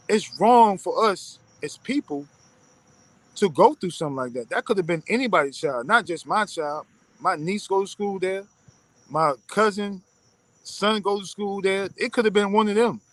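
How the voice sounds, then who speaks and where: A distraught father, retelling events in an urgent, halting way over a phone call. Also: high voice, a bit bright. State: distraught, emotional. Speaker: interviewee, father of a victim.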